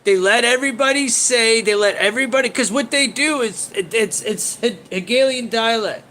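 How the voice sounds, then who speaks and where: A man's voice: very high-pitched, moderate pace, sharp tone, a little hiss or hum. A man hosting a casual livestream, rambling and swearing as he reacts to viewer comments and laughs often. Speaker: livestream host.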